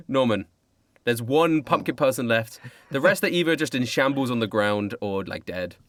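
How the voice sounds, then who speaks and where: A man's voice: medium pitch, very animated, moderate pace, fairly bright tone. A man running a tabletop game as dungeon master, narrating playfully and laughing often.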